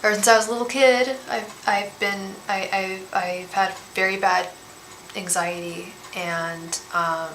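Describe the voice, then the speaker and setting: A woman reading tarot cards on a live stream, talking gently and emotionally, often repeating and restarting her words. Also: mid-range voice, fairly even intonation, measured pace. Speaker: tarot reader and psychic medium. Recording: echoey room with faint background hiss.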